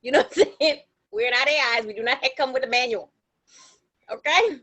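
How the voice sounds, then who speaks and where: A young adult woman co-hosting a podcast, telling stories in a casual, animated way with slangy, emphatic repetition. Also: high-pitched, a little fast, rough recording. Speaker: podcast co-host. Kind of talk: casual chat.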